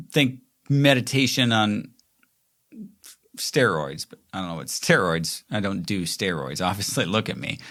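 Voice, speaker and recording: A man in his forties talks through a casual, reflective solo monologue, leaning on "like" as he wanders between thoughts. His voice sits at an ordinary pitch but carries a bright, forward edge. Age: 40s. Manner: rambling, frequent "like" fillers, mimics quoted voices. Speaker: podcast host.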